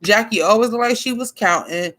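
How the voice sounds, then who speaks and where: Woman, casual stream commentator: blunt, expressive, swears, talks back to chat. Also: a little high, fairly quick. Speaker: drag show commentator.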